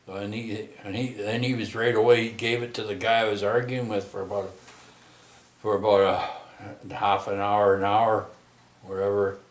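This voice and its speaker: A man with a low, flat voice rambles through a personal story as a vlogger, halting often with many restarts and tag questions. The recording is reverberant.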